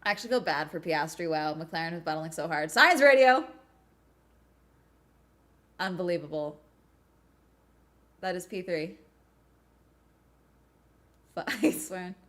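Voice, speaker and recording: Excitable woman live-streaming a watch-along. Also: deep voice, a little slow, pauses often. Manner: excitable, chatty, bursts of cheering and laughter; swears casually. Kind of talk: live casual commentary.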